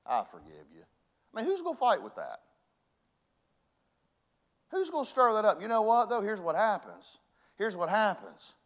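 Man preaching, high-pitched voice, folksy, swings from hushed to loud. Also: wildly swooping pitch, normal speed, pauses often. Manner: folksy preaching, big swings from soft to shouting. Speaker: pastor. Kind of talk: sermon.

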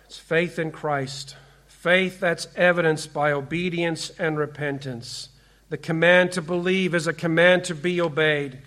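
A man preaching a sermon in earnest tones, often slowing and dropping quiet and low for emphasis. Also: steady tone. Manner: quotes scripture with slow, stressed delivery. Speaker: pastor.

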